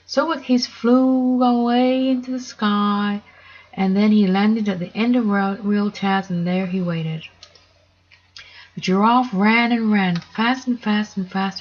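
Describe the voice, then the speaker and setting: Woman narrator reading a children's story, gentle and measured, mid pitch, dull recording.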